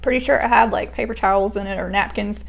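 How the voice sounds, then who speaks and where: Speaking quickly with a creaky, mid-range voice and fairly even intonation, a young woman talks through a poem. Her casual commentary is hesitant and thought out loud, with lots of fillers and false starts.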